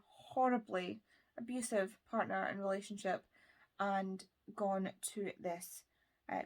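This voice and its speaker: An enthusiastic woman from the UK chats through her recent reads in a casual vlog. Her voice sits at a middle pitch, and she sometimes drops into a soft whisper. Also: vocal fry. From United Kingdom. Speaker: book vlogger. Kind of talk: casual book wrap-up talk.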